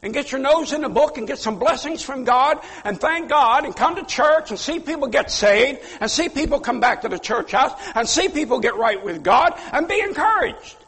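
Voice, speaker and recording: Fiery, husky-voiced preacher man. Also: very high voice, animated, normal speed, hardly any pauses, long reverb tail. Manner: fiery, emphatic preaching with sudden loud outbursts. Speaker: pastor. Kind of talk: sermon.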